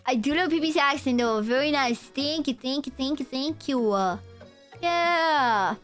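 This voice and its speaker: A young woman with a Romanian accent chats with her stream in a playful, rambling, teasing way. Her voice sits a little higher than most women's. Soft music plays quietly underneath. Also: lively intonation, moderate pace. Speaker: VTuber streamer. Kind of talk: casual live-stream chat with viewers.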